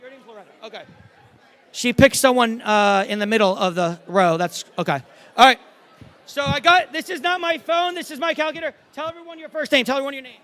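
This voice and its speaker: Brief: brash middle-aged male stage magician, high bright voice, joking crowd work in a big theater. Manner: brash, joking, swearing, rapid crowd banter. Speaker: magician performer. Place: large theater stage before a live audience.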